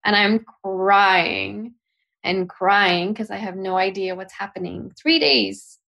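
A young adult woman, a podcast guest, retelling a frightening personal experience in an emotional, halting way with restarts. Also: mid-range voice, level tone, vocal fry, bright, forceful tone. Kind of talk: personal storytelling in a podcast interview.

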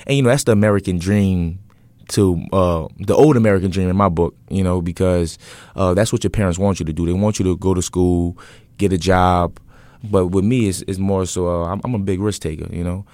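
Young new guy, real low voice, laid back storytelling w lots of um and you know, dry sound. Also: brisk, no echo. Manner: relaxed, rambling storytelling with many fillers. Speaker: interview guest, event business owner. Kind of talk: casual interview conversation.

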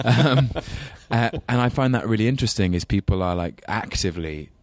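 Deep-voiced Englishman with a London accent. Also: expressive, a little fast, gravelly, no echo. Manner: thoughtful, rambling with fillers and self-deprecating laughs. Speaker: guest. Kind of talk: casual interview chat.

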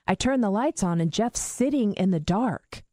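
Woman, chatty storyteller, animated delivery, dry recording. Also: mid-range voice, normal speed, no echo. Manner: animated storytelling, acts out quoted voices. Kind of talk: casual podcast chat.

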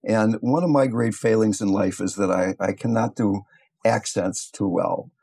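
An older man, a meditation teacher, giving a gentle, thoughtful talk and telling stories along the way. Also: on the low side, normal speed, husky. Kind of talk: reflective talk with storytelling.

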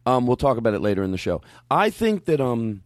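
A man hosting a casual comedy podcast, animated and profane, who explains his bits as he goes. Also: medium pitch, brisk, dry recording, studio quality. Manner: animated, swearing, talks through the bit. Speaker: podcast host.

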